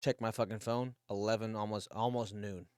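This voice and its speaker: A man's voice: on the low side, steady tone, fairly quick, darkish tone, clear, resonant tone, no echo, clean studio sound. A man in his thirties, a podcast co-host, telling a long personal story in a rambling, casual way, swearing freely and restarting his sentences often.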